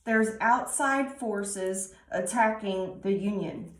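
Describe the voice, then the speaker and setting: Slow, musing woman tarot reader. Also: medium pitch, fairly bright tone, reverberant. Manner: slow, musing, with many ums and restarts. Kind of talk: tarot reading to camera.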